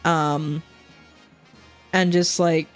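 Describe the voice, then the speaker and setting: A woman's voice: deep voice, level tone, very slow, soft background music. A woman, chatting casually on a gaming stream and rambling, swearing and laughing often.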